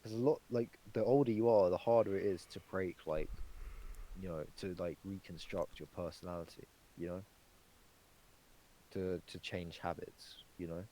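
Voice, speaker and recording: Rambling low-voiced young man. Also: fairly even intonation, moderate pace, warm tone, a little hiss or hum, rough recording. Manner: rambling, filler-heavy, swearing. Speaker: podcast co-host. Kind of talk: casual chat.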